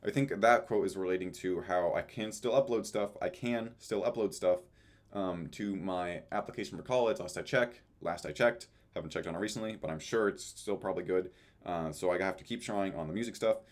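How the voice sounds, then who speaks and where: A man's voice: sits low, fairly quick, darkish tone. A young man casually reading out his own journal and planner entries, with offhand dry asides and frequent fillers. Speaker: vlogger.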